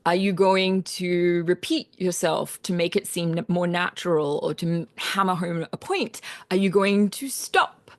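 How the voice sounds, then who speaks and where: A woman's voice: fairly low pitch, unhurried, no room sound. A woman in her forties with an Australian accent, a composer giving a casual talk to a choir, telling stories with lots of laughs and fillers. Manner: animated storytelling with frequent laughs and fillers.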